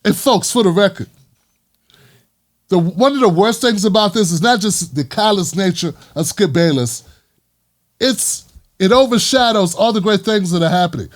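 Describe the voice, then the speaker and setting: A male vlog host delivers an emphatic, opinionated commentary monologue. His voice sits high for a man, and he hammers his points with repetition. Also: animated, moderate pace. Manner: impassioned, emphatic, repeats lines for punch.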